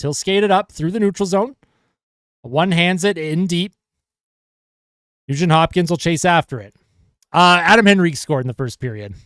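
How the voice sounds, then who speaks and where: A man calling hockey play-by-play as a fan livestreamer, excitable and chatty with his viewers. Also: fairly high pitch, smooth, dry recording, studio quality. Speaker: fan commentator livestreaming a game. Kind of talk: casual play-by-play commentary.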